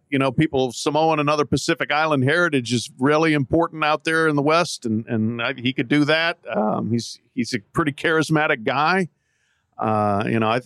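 A man's voice: on the high side, a bit bright, no echo, clean studio sound. A man talking as a sports columnist guest on a podcast from an outdoor patio, chatty with many restarts and fillers. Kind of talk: casual sports podcast chat.

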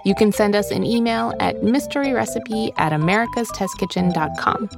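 A woman hosting a scripted children's cooking podcast, explaining steps in a clear, friendly, steady way. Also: mid-range voice, normal speed, over music. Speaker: host and magazine editor.

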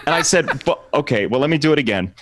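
A man who works as a play-by-play sports announcer, telling a funny story as a guest on a casual chat show, self-deprecating and lively when he quotes himself. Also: a little high, fast talker, no room sound.

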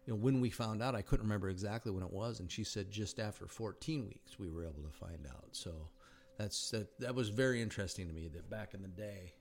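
A man's voice: fairly low pitch, fairly quick, slight background noise. A man co-hosting a podcast in casual chat, teasing his friend and shrieking in disbelief. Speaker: podcast co-host.

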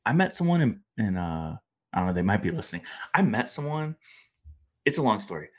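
A man's voice: fairly low pitch, big pitch swings, a little fast. A man hosting a podcast, chatting casually and telling rambling stories with slangy asides. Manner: laid-back, rambling storytelling with slangy asides. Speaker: podcast host. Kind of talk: casual chat.

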